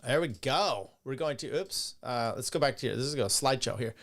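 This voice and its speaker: A middle-aged podcast host reads viewer comments in a casual live-stream ramble, tossing in profane, chuckling asides. His mid-range voice is expressive, a bit bright, and fairly quick.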